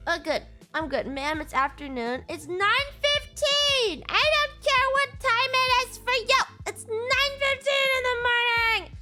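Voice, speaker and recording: Over soft background music, a sleepy young woman streamer who just woke up chats casually with viewers on her livestream, giggling and cursing. Her very high-pitched voice is pushed and bright, with lively intonation, a slightly slow pace and hardly any pauses.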